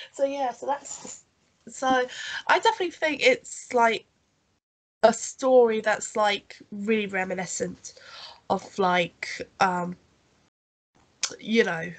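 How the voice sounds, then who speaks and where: A woman's voice: medium pitch, takes it slowly, long pauses. A woman with a cold and a nasal voice, co-hosting a podcast in casual chat, rambling with fillers and coughs. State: has a cold. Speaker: podcast co-host. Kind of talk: casual chat reviewing a holiday special.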